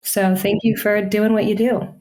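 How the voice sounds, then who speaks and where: A woman's voice: medium pitch, little pitch movement, normal speed, darkish tone. An American woman with a mid-range voice appears as a podcast guest and teacher of yoga and meditation. She talks eagerly and chattily, sprinkling in "like". Her voice carries a roomy echo. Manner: chatty and eager, many "like" fillers. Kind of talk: casual podcast interview. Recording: roomy, echoey room sound.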